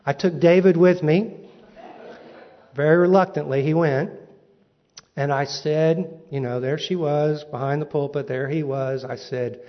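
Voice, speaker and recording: A man preaching, telling a humorous personal story with lively comic timing. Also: on the high side, unhurried. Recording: dull recording in a reverberant hall.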